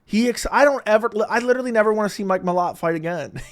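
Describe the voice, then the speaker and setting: Man, fight predictions, casual monologue, blunt, profane, laughs a lot, smooth voice. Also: high-pitched, fast. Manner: blunt, profane, laughs often, animated swings in loudness. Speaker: MMA predictions commentator.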